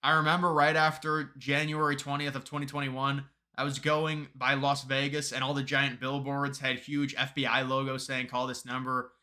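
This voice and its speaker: Bright-voiced man chatting on a live stream. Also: medium pitch, monotone, normal speed, hardly any pauses. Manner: rambling, restarts sentences, reads chat aloud. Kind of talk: casual live-stream chat with viewers.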